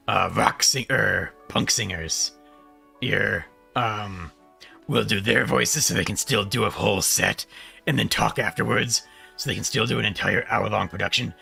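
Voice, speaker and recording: A man streaming, chatting casually about voice technique while holding a deliberately gruff, gravelly voice. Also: lowish voice, pushed and bright. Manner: talks about voice technique, loose and rambling.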